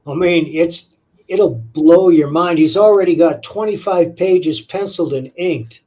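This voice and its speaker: A man's voice: on the high side, a little slow, dark tone. An older man, a comic book writer, chatting easily as a guest on a live stream. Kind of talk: casual live-stream interview.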